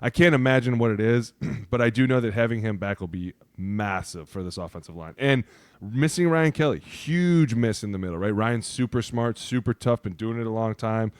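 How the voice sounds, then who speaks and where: A man's voice: lowish voice, normal speed, clear, resonant tone, no room sound. A middle-aged man, a former football lineman, chatting casually and acting out quotes in his stories. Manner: animated storyteller, acts out quotes, says "right?" a lot. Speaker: podcast guest, former NFL offensive lineman. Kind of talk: casual sports chat.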